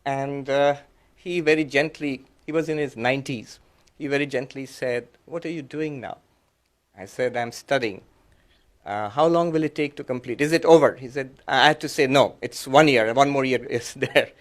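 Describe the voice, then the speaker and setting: A man's voice: mid-range voice, normal speed. A man who is a monk, giving a reflective, conversational talk to an audience with many fillers and restarts, and explaining ideas patiently step by step.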